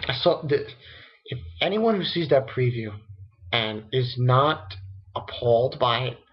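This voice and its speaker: A young man talks through an anime episode in an unhurried, rambling way, cursing as he goes. Every so often his voice shoots up into squeaky outrage. The homemade recording sounds muffled and lo-fi. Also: husky, faint music behind. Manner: excitable and profane, rambling, jumps into shrill disbelief. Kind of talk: casual webcam review rant.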